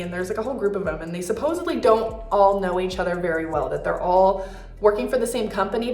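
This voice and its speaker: A woman's voice: mid-range voice, echoey room. A young woman vlogger telling a story in a candid, profane, casual way with lots of fillers.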